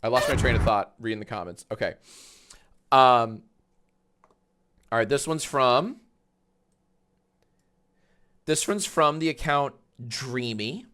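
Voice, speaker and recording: A man's voice: mid-range voice, slow, long pauses, fairly bright tone. A man hosting a casual livestream, reacting to videos with sarcastic, profane rants. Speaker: livestream host.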